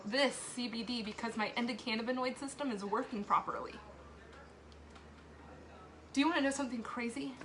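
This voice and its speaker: A woman's voice: fairly high pitch, steady tone, brisk, pauses often, fairly bright tone, a little hiss or hum. A woman in her thirties, a mother, talking candidly and tearfully in a live video, swearing and laughing between sentences. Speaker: mother sharing a personal testimonial. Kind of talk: emotional live video confession.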